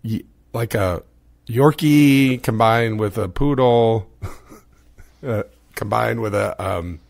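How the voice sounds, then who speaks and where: Gravelly-voiced American man hosting a podcast. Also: medium pitch, slow pace, a little mellow, no room sound, studio quality. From United States. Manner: chatty, laughs often, trails off into rambling. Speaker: podcast host. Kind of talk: casual podcast chat.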